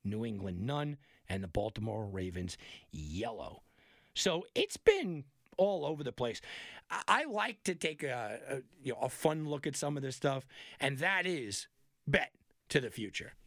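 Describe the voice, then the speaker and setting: A man's voice: medium pitch, a little slow, vocal fry, no room sound, studio quality. A man hosting a sports betting podcast, talking casually and telling stories with lots of energy. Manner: animated, chatty, tells anecdotes with many restarts. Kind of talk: casual sports talk monologue.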